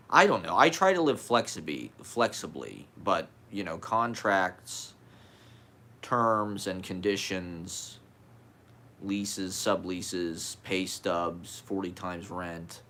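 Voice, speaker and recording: A man's voice: sits low, gravelly, pushed and bright, a little hiss or hum. A man with a slight lisp, talking candidly in a rambling personal monologue, swearing and laughing as he goes.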